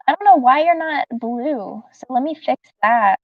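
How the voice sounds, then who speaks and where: A woman's voice: high-pitched, lively intonation, unhurried, no room sound. A woman from the American South chatting casually with her live-stream viewers, giggling often and talking straight to the chat. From Southern United States. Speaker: livestreamer. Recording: distant dull dry mic.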